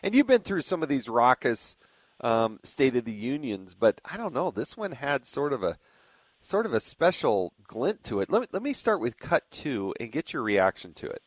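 A man's voice: mid-range voice, sing-song, normal speed. A man hosting a talk radio show, delivering indignant commentary full of rhetorical questions. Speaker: fill-in radio host.

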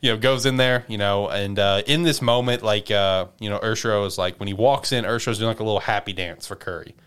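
A man's voice: on the low side, steady tone, fast, a bit bright, smooth. A man casually recapping a story, rambling with lots of "you know" and "like". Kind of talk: casual chat.

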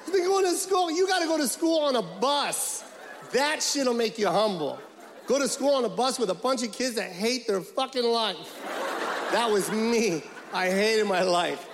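High-voiced stand-up comedian, animated and profane. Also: male voice, measured pace, noisy background. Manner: animated storytelling, acts out characters, profane. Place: large theater stage. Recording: live show with loud crowd laughter. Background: audience laughing.

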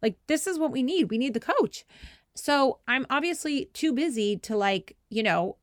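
Female podcast host, 30s, chatty and self-deprecating, bursts into shouted quotes, dry close sound. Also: sits high, lively intonation, normal speed, no echo. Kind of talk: casual storytelling.

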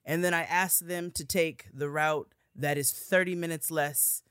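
A woman telling a story in casual chat, animated and profane, acting out heated quotes. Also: deep voice, a little slow, smooth, no room sound, studio quality. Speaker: podcast host telling a story.

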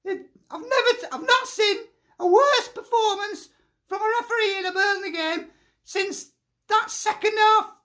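A woman, a football fan ranting angrily, swearing and shouting. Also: extremely high pitch, moderate pace. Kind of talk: angry fan rant.

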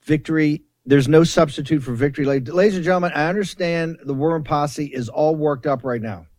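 A man's voice: a little high, fairly quick, darkish tone, no room sound. A man hosting a political talk show, delivering combative commentary in a fiery, taunting, emphatic way with repeated rallying phrases into a studio microphone.

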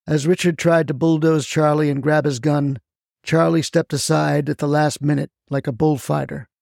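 A man's voice: on the high side, flat delivery, moderate pace, vocal fry, darkish tone, no echo, studio quality. A man narrating a first-person story in a scripted, wry storytelling manner.

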